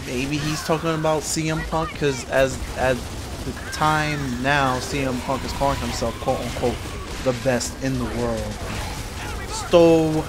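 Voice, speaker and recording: A man's voice: mid-range voice, steady tone, measured pace, noisy background. A man hosting a casual podcast, ranting in exasperation and restarting his sentences often. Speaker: podcast host. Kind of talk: casual wrestling recap podcast.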